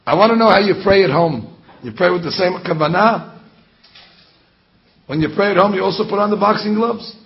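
A man with a fairly high voice leads a rabbi's sermon. He talks in an animated way and mocks his listeners with rhetorical questions. The recording is dull and lo-fi. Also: a little fast, long pauses. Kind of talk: Torah class sermon. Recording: dull lo-fi sound.

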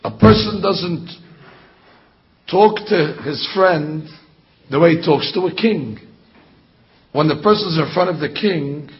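A man giving a rabbi's sermon to a congregation, talking in an animated way and firing off mocking rhetorical questions. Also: a little high, slow, long pauses. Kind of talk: Torah class sermon. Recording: dull lo-fi sound.

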